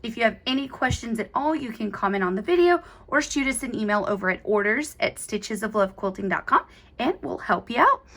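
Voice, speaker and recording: A woman's voice: fairly high pitch, expressive, a little fast, fairly bright tone. Bubbly, gushing woman craft tutor. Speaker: embroidery tutorial host. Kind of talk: step-by-step craft demonstration.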